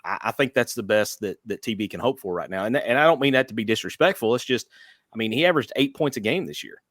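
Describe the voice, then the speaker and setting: A man co-hosting a casual sports podcast, measured and hedging his points. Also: mid-range voice, expressive, a bit bright, no room sound, clean studio sound. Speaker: podcast co-host.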